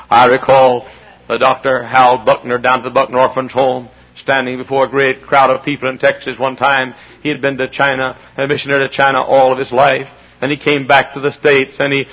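A middle-aged man preaching as a Baptist pastor, impassioned, dropping to low asides and rising to shouts. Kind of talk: sermon. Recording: dull lo-fi recording.

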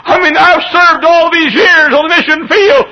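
A preacher voicing an old weeping missionary man who pleads and cries out in high, cracking shouts, on a dull lo-fi recording. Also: level tone, normal speed, creaky. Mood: anguished.

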